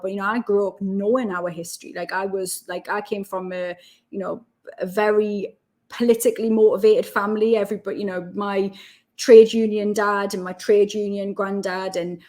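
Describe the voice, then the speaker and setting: Geordie woman, 30s, chatty podcast guest, animated storyteller. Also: mid-range voice. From Newcastle, England. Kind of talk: casual chat.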